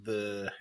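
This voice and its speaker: A man's voice: on the low side, fairly bright tone, low-quality recording. A man, a player in a tabletop game, talking in a rambling way and restarting phrases over a video call. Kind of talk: casual chat after a tabletop game.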